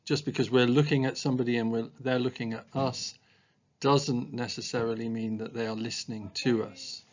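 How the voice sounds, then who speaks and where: A man giving a measured training talk on communication at a special school, pausing often with ums and uhs. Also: mid-range voice, fairly even intonation, dull audio.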